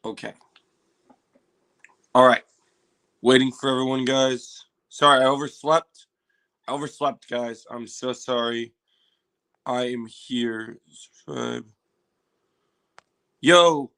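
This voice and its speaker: A man hosting a casual livestream, chatting to viewers, repeating himself and bursting into loud exclamations and swearing. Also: medium pitch, slow pace, vocal fry, long pauses, clean tone. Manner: excitable, exclaims and swears loudly. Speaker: livestream host reacting to a trailer.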